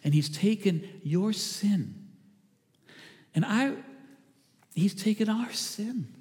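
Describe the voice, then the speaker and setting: Pastor guy preaching, kinda high voice, earnest, goes hushed a lot, big echoey church. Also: animated, slow pace. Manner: earnest, drops to a hushed voice for quoted lines. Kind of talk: sermon. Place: church sanctuary.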